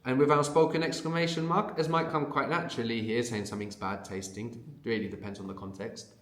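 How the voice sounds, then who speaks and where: A man's voice: mid-range voice, level tone, fast talker, a bit bright. Man teaching in an echoey room. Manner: explanatory, often ends points with a questioning "no?". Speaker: language teacher. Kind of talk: guided language lesson.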